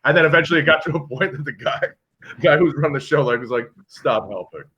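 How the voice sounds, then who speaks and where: A man co-hosting a casual game night chat, reading out questions and telling animated stories with acted-out voices. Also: on the high side, rapid-fire, a loud crowd. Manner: animated storyteller, acts out voices. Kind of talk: casual chat on a video call. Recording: dull lo-fi call audio.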